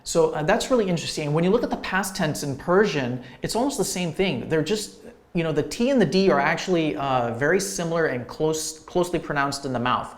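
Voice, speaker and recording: A man teaching language grammar to viewers, talking in a relaxed, explanatory way with many fillers and restarts. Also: fairly high pitch, brisk.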